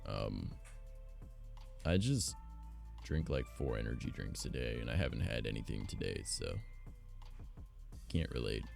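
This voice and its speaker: Man streamer, casual storytime, rambling and profane, lively swooping delivery, faint music behind. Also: rumbling low, unhurried, vocal fry, long pauses.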